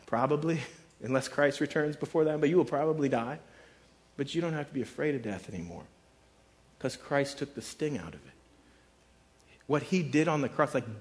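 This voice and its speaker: Casual, chatty preacher man. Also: a little high. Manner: casual and conversational, with frequent "like" fillers; dramatic, voices the people in his scripture quotes. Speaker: pastor. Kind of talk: sermon.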